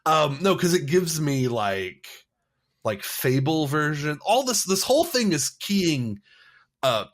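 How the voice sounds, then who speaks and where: Podcast dude rambling along, lots of ums and likes, voice goes up and down a lot. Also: male voice, a little high, sing-song, slow pace. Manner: rambling, playful, many fillers. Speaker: podcast co-host. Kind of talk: casual chat.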